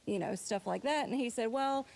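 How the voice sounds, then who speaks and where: A woman in her late thirties, a guest on a couples show, recounting events in a measured way with frequent fillers. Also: fairly high pitch, creaky, darkish tone. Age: 30s. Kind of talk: unscripted on-camera conversation.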